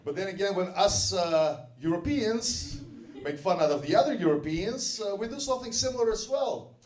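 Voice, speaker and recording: A man with a light Russian accent doing stand-up, his voice pitched high and swinging widely. He sounds a little far off in a roomy club, and there is a clear crowd ambience behind him. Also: expressive, moderate pace, darkish tone, slight background noise. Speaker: stand-up comedian. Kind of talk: stand-up comedy set. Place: comedy club stage.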